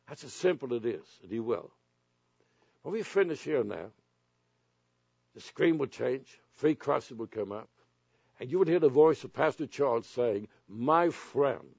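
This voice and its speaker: A gravelly male pastor preaching a sermon with a slightly husky edge. He builds to forceful commands at the peaks. The recording is dry and a little dull. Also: mid-range voice, animated, unhurried, long pauses, no room sound. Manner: preachy, rising to shouted commands.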